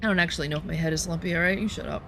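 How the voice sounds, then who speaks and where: A woman's voice: lowish voice, steady tone, rapid-fire, fairly bright tone, a little hiss or hum. A woman chatting casually and profanely while streaming a game, full of rambling asides. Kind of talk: casual gameplay commentary.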